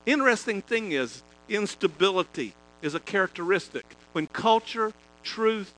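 A man preaching a sermon, telling folksy personal stories, swinging between loud emphasis and quiet asides. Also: high voice, animated, normal speed, low-quality recording. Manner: chatty, folksy, repeats and restarts phrases.

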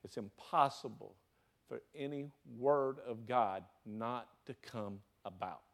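A man's voice: medium pitch, slow pace. A man with a Southern US accent preaching a sermon, throwing rhetorical questions to his congregation. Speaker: pastor.

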